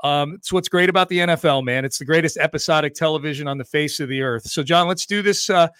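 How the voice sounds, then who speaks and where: A man hosting a sports talk podcast, chatty and energetic, talking quickly about football. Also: on the high side, clear, resonant tone, dry recording, clean studio sound. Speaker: podcast host.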